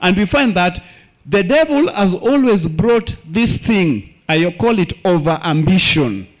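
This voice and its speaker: Male elder, high voice, sermon with call-and-response prompts. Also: sing-song, unhurried. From Kenya. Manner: call-and-response questions, repeats key phrases. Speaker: church elder preaching.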